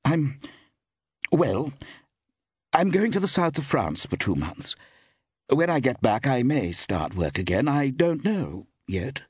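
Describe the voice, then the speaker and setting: A man reading aloud, voicing a glamorous, gushing actress with affected, drawn-out endearments. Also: mid-range voice, very animated, a little mellow, slightly rough, no echo, clean studio sound, voice pushed up.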